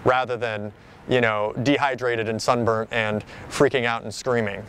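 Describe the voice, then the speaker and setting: A man's voice: mid-range voice, fairly even intonation, normal speed, a bit bright, a little hiss or hum. A man being interviewed outdoors, telling a personal story in a rambling, casual way, full of "like" and "you know".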